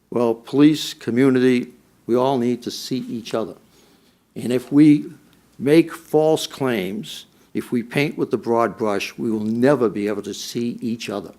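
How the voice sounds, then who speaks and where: Middle-aged former police chief at a policy forum, emphatic speaker, mid-range voice, repeats lines for force. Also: male voice, mid-range voice, unhurried, dark tone. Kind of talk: prepared public speech.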